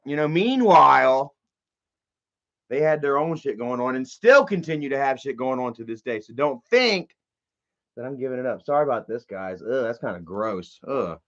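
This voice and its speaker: Through dull, lo-fi stream audio, a medium-pitched man talks animatedly at a normal speed. He's hosting his own live stream, rambling casually and profanely to viewers with plenty of fillers and asides.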